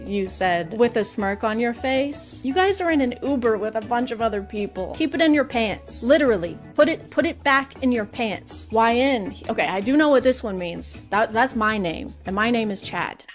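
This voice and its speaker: A woman's voice: fairly high pitch, expressive, moderate pace, hardly any pauses. A young woman reading posts aloud and answering them with sarcastic, incredulous commentary. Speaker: video creator reacting to posts. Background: background music.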